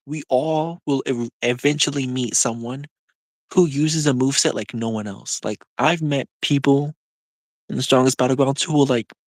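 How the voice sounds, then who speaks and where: Young adult streamer, casual live chat, animated and rambling, dry room. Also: mid-range voice, no room sound. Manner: rambling, full of "like" and quick laughs.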